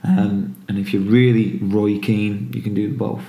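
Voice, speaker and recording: A man's voice: fairly low pitch, little pitch movement, unhurried, warm tone, echoey room. A man hosting a casual football podcast, laid-back as he plugs his coaching camps.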